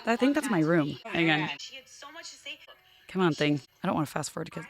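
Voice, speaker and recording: A woman's voice: sits low, lively intonation, normal speed, over music. A woman co-hosting a podcast in casual chat, telling stories and swearing freely. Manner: chatty, storytelling, swearing. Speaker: podcast co-host.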